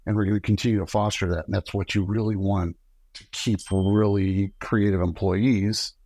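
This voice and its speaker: A middle-aged man, a guest on a podcast, telling lively stories and acting out the lines of people he quotes. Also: lowish voice, normal speed, no echo. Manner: animated storyteller acting out quoted dialogue. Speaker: podcast guest, former camera operator. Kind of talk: casual storytelling interview.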